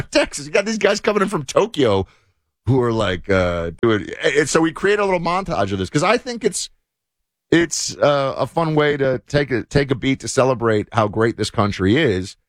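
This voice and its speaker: A man with a mid-range voice and big pitch swings speaks at normal speed, in clean studio quality with no echo. He hosts a talk show, chatting casually about politics with many fillers.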